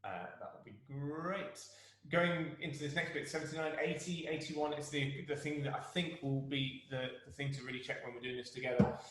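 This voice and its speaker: A man's voice: a little high, flat delivery, normal speed, a bit bright. A man conducting an orchestra, talking players through a movement in an encouraging way and singing phrases to show them. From England. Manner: encouraging, sings phrases to demonstrate. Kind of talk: rehearsal guidance to musicians. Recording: very echoey room.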